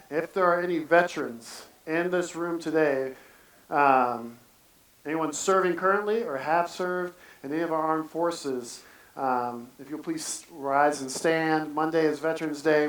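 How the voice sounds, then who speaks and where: A man giving a casual, earnest church sermon, talking in halting bursts full of restarts. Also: on the high side, fairly bright tone. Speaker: preacher. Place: church sanctuary. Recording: echoey church sanctuary from a distance.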